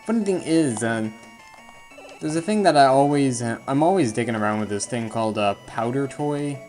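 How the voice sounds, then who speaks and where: A man's voice: medium pitch, animated, moderate pace, darkish tone. Casual male let's-player, jokey and self-mocking, faint game music underneath. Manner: rambling, self-deprecating, jokey asides. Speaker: let's play commentator. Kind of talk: casual gameplay commentary.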